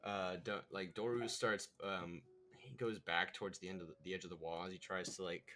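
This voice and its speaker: Bright-voiced man running a tabletop game. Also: low voice, steady tone, normal speed, a little hiss or hum. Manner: loose, full of fillers, narrates in the moment. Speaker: game master.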